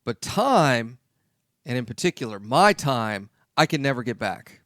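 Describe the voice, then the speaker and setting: A man's voice: mid-range voice, very animated, measured pace, a bit bright, no echo, clean studio sound. A man hosting a talk radio show, speaking emphatically and repeating his key points.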